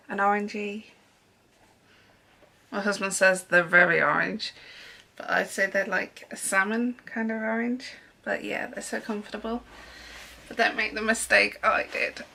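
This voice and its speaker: A woman's voice: mid-range voice, fairly even intonation, unhurried, vocal fry, long pauses, bright, forceful tone, a little hiss or hum. A young woman chatting casually in a sewing haul vlog, rambling along with frequent ums. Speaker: sewing vlogger.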